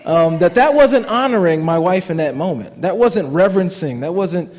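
A man's voice: high voice, lively intonation, moderate pace, a little mellow. A man in his thirties giving a personal testimony in church, conversational and self-deprecating, laughing often and restarting his sentences. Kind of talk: sermon testimony. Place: church hall. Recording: long hall reverb.

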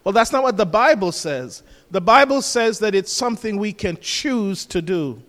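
A man delivers a sermon in a high, emphatic voice, repeating his key phrases and asking the listeners rhetorical questions. His voice rings out with a long hall reverb. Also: animated, moderate pace, a bit bright. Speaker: preacher.

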